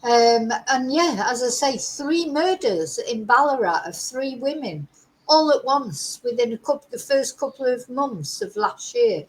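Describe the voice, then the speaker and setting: A woman with a slightly high voice talks through a crime case in loose, chatty commentary. She is opinionated and drily sarcastic, and she clears a frog from her throat now and then. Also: animated, unhurried, rough recording. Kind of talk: casual commentary to camera.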